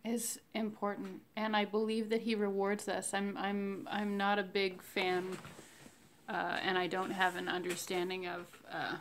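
Slow-talking woman with a gravelly fry. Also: mid-range voice, a little hiss or hum. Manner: slow, reflective, devotional, with many fillers. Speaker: vlogger sharing a fasting diary. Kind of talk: casual spoken faith diary.

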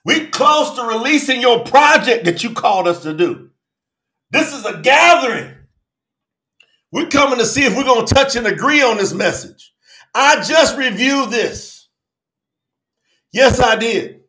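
Fervent high-voiced preacher in an echoey room. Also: male voice, animated, a little slow, long pauses. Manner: fervent, calls out to viewers by name; swings between shouting and low murmurs. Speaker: preacher hosting a live Bible study. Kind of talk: livestream sermon.

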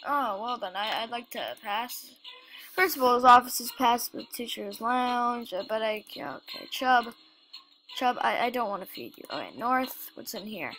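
A woman giving casual game commentary, halting and stammering as she reads the game text aloud. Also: on the high side, expressive, fairly bright tone, poor audio. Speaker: let's play host.

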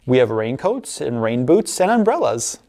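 A woman's voice: a bass voice, very animated, moderate pace, warm tone, exaggerated voice. A woman reading aloud, voicing a patient mother in a picture book. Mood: gentle. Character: patient mom, gently fussing.

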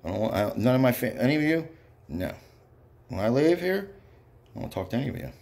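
A man's voice: mid-range voice, very animated, a little fast, vocal fry, darkish tone. A man delivering an angry, rambling monologue, bitter and profane, with frequent muttered asides. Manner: bitter, profane, ranting with repeated yeps.

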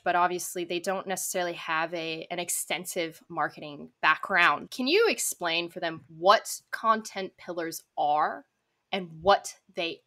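Bright American woman co-host. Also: fairly low pitch. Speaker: podcast co-host. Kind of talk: interview questions.

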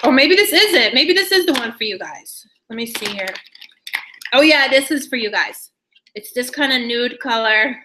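A young woman hosting a casual live beauty giveaway stream, chatting excitedly with viewers, laughing often and trailing off mid-sentence. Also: on the high side, normal speed, noisy background. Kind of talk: casual live-stream chat reading comments.

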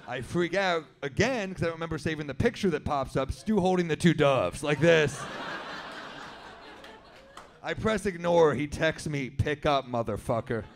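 A man telling a story in stand-up comedy at an indoor venue, with a wry, deadpan delivery. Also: a little high, moderate pace, vocal fry, a little hiss or hum.

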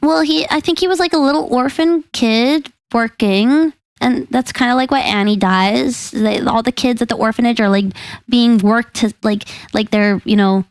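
A young woman with a fairly high voice talks in a giggly, playful way as a podcast co-host. Her voice sits close and dry, with hardly any room around it. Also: moderate pace, dry recording. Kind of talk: casual chat.

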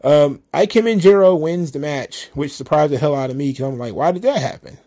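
A man's voice: fairly high pitch, a little fast, mellow. A man hosting a solo recap show, ranting in an exasperated, profane, casual way. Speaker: wrestling commentary host.

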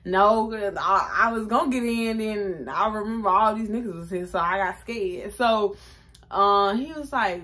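A woman, chatting casually through a storytime and jumping up in pitch to act out quotes. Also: moderate pace. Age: 20s. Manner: animated, chatty, acts out quotes with raised pitch. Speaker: vlogger.

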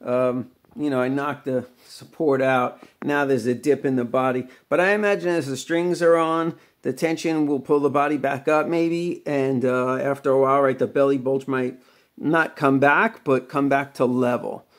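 A man's voice: medium pitch, fairly even intonation, normal speed. A middle-aged man chatting casually as he walks through a home guitar repair, rambling with many fillers. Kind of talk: casual workshop vlog.

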